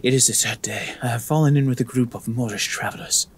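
A man's voice: medium pitch, quick pace, slightly rough, lightly acted. A man putting on a mock-French traveler's journal voice. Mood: solemn. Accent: attempted French accent. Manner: solemn reading of journal entries. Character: male medieval traveler writing a journal.

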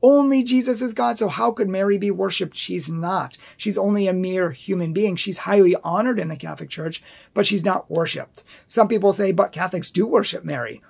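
Gravelly, husky apologetics host. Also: medium pitch, moderate pace, a little mellow. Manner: emphatic, repeats points for stress, laughs at claims it rebuts; challenges viewers directly. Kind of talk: apologetics commentary video.

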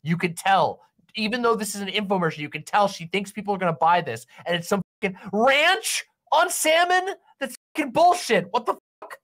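A man's voice: high-pitched, animated, fairly quick, a bit bright. A man from Maine co-hosting a livestream, reacting to cooking videos with heated, profane rants.

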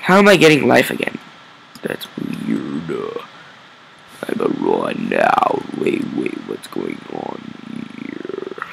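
A man's voice: very deep voice, wildly swooping pitch, takes it slowly, gravelly, long pauses, fairly bright tone, slight background noise, low-quality recording. A man giving let's play commentary, talking to himself while he plays and breaking into frustrated outbursts. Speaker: gameplay video creator.

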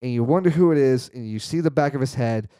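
A man's voice: mid-range voice, quick pace, warm tone. A man co-hosting a casual movie podcast, recapping the plot in a loose, rambling way with lots of asides. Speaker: podcast co-host.

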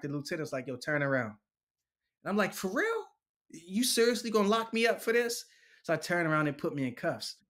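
A man in his forties telling stories casually in an interview, slangy and lively, acting out other people's voices and laughing often. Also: a little high. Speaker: interviewee, poet.

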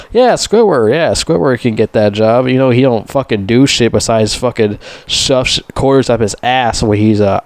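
A man's voice: lowish voice, smooth, no room sound. A young man ranting casually and profanely as a movie reviewer, rambling and mocking. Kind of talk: casual rant.

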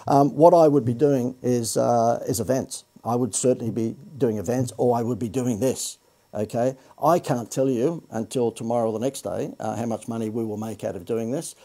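A man giving a live sales pitch for a marketing course, rambling and correcting himself with joking asides. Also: steady tone, normal speed, mellow.

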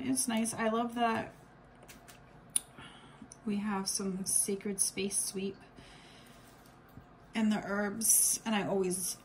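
A woman's voice: mid-range voice, gravelly, slight background noise. Chatty woman rambling through an unboxing. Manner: rambling, chatty, many fillers and restarts. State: has the hiccups. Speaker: unboxing vlogger. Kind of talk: casual unboxing chat.

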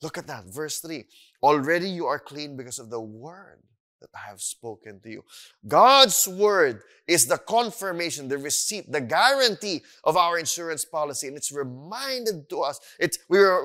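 A bright, forceful male voice preaching with a Filipino accent, fairly high in pitch. He moves in and out of Tagalog phrases and acts out little voices to make his points, lively and conversational from the pulpit. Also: moderate pace. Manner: animated preaching, switching between English and Tagalog phrases; acts out voices of children and doubters. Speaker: pastor. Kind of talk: sermon.

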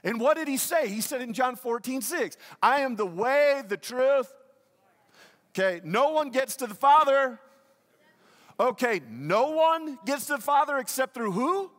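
A man's voice: extremely high pitch, lively intonation, normal speed, fairly bright tone, big-room sound. A male pastor delivering a sermon, emphatic, asking the congregation questions and repeating key lines. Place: church sanctuary.

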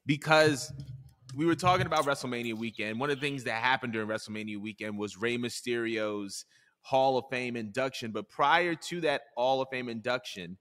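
A man's voice: medium pitch, moderate pace, fairly bright tone. A man hosting a casual podcast chat, laid-back as he reads out segment notes. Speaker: podcast host.

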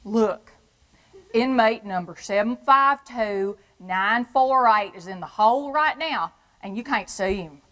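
Woman playing a flat dismissive prison guard guy, stage monologue. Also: a little high, slow. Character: curt, officious male prison guard. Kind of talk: theatrical monologue.

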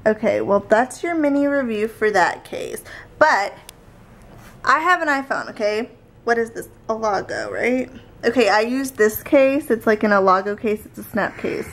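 A woman's voice: a little high, lively intonation. Chatty young woman vlogger. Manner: chatty, argumentative, quick back-and-forth. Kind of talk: casual chat.

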